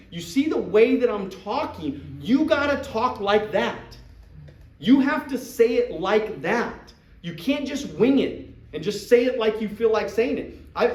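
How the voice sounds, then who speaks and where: A man's voice: sits high, darkish tone. A man giving a motivational business training talk, emphatic and repetitive, acting out sales conversations. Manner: emphatic, repeats phrases, acts out sales dialogue. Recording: echoey room, mic at a distance.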